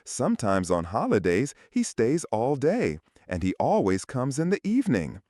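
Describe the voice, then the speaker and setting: A man's voice: mid-range voice, wildly swooping pitch, normal speed, mellow, no room sound, clean studio sound, voice pushed up. A man voicing a scared six-year-old boy who pleads through tears in a spoken story. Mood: tearful. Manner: pleading, crying.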